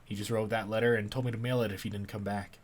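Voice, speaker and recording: A man's voice: fairly low pitch, flat delivery, quick pace, lightly acted. A man voicing a chatty young woman who runs an antique shop, reading her lines from a comedy game. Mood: brisk.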